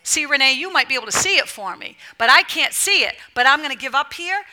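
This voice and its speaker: A woman's voice: high-pitched, expressive, quick pace, pushed and bright. A woman preaching a fervent, emphatic sermon to a women's church gathering, with a repetitive preaching cadence.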